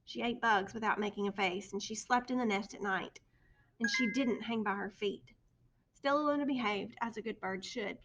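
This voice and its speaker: A woman reading a children's picture book aloud with expressive storytelling. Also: medium pitch, moderate pace, a little hiss or hum. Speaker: storybook reader.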